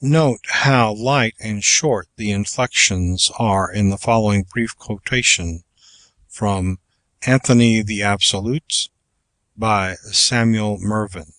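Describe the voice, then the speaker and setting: A man giving a measured, even scripted narration of a public speaking manual, as an audiobook narrator. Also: on the low side, no room sound.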